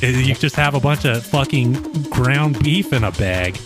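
A man's voice: mid-range voice, expressive, normal speed, over music. A man co-hosting a podcast in casual chat, laid-back and wry, chuckling often. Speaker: podcast co-host.

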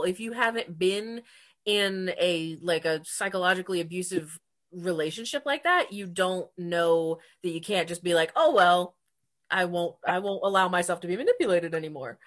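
A woman's voice: fairly low pitch, fairly bright tone. A woman co-hosting a casual book chat, talking animatedly, laughing often and acting out characters' lines. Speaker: podcast co-host.

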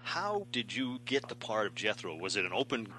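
A man's voice: on the low side, very animated, normal speed, pushed and bright, slight background noise, poor audio. A man interviewing a guest, mostly chiming in with short agreements. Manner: brief affirming backchannels. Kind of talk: casual interview.

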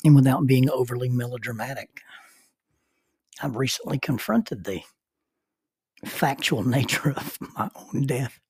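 Middle-aged male minister, mid-pitched and husky, halting storyteller, dry close recording. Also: a little mellow, no room sound. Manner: halting, repeats words when starting. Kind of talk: personal storytelling talk.

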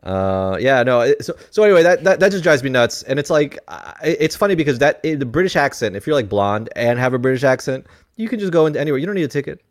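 A man hosting a podcast, telling stories in a lively casual way, swearing and acting out other people's voices. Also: medium pitch, fast, no room sound, clean studio sound. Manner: animated storytelling, swears, acts out voices.

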